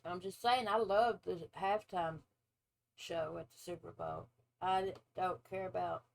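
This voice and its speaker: A woman's voice: on the low side, gravelly, poor audio. A woman in her forties, a former nurse, hosting a casual reaction video and giving her opinions bluntly. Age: 40s. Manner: blunt, opinionated, drawn-out asides.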